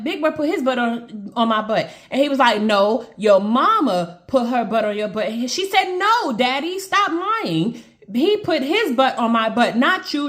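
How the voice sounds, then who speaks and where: A woman telling viewers a personal story in an emotional storytime monologue, earnest and speaking straight to them. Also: mid-range voice.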